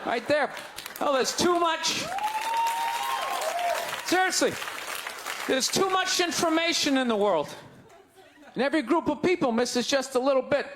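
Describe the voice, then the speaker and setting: A man with a Boston accent doing a stand-up set on stage, ranting in loud, exasperated bursts that break into shouts. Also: extremely high pitch, a little slow, long pauses. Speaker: stand-up comedian. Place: live comedy stage before an audience. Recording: live crowd laughter, faint background noise. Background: audience laughter.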